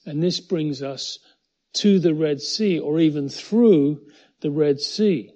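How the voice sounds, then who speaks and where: A man preaching a sermon as pastor, emphatic and measured, repeating key phrases, in a muffled lo-fi recording. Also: fairly high pitch, a little mellow. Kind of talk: sermon with prayer, streamed to viewers.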